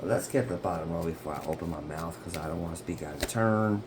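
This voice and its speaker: A tarot reader talks through a reading at home, chatting to the camera and frequently checking in with his listeners. His voice is low and fast, with background noise audible.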